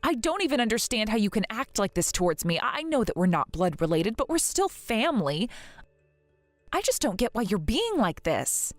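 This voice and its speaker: A woman voicing a grieving young wife in an animated story drama who talks in an earnest, pleading, wounded way. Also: on the high side, moderate pace, no echo, faint music behind. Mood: hurt. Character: grieving young wife hurt by her in-laws.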